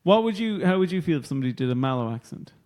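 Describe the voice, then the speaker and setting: A man's voice: fairly high pitch, very animated, racing, darkish tone. A young Irish man co-hosting a podcast, bantering casually with playful, jokey comebacks. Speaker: podcast co-host.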